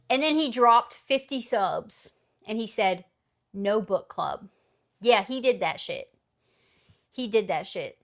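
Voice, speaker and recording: A woman's voice: mid-range voice, a bit bright. A woman in her thirties streaming live, chatting casually and teasing her chat, swearing freely.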